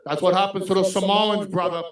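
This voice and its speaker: High-voiced, emphatic man in an echoey room. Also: little pitch movement, brisk. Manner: emphatic, conspiratorial storytelling. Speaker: wrestling podcast host. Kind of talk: casual chat. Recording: echoey room, far from mic.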